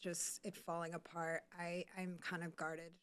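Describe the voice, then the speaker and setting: A woman's voice: fairly low pitch, normal speed, smooth. A woman hosting a podcast, telling a dating story in casual chat and acting out what people said. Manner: animated storyteller acting out quotes. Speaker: podcast host.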